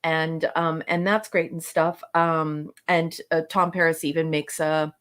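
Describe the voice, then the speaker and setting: A woman co-hosting a podcast, chatting casually through a review, halting with frequent fillers and restarts. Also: low-pitched, flat delivery, fairly bright tone. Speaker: podcast co-host. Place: lives in Canada.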